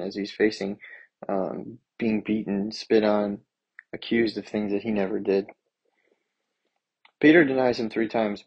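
A man's voice: lowish voice, husky, poor audio. A man preaching a sermon, reading scripture aloud and then explaining it in an earnest, plain way. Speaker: pastor.

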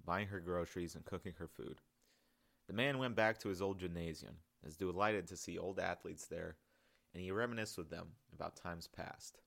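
A man reading his own novel aloud in a calm, measured audiobook narration. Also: low voice, vocal fry.

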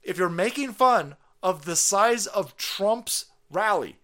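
Foul-mouthed man ranting, high-pitched. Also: lively intonation, slow, hardly any pauses, bright, forceful tone. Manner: foul-mouthed, mocking, laughs often. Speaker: streamer host. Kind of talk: profane political rant.

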